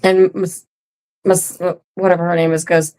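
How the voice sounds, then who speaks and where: Low-voiced blunt woman podcaster. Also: level tone, normal speed, darkish tone. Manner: blunt, opinionated, swears freely. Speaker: podcast co-host. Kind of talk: casual recap chat.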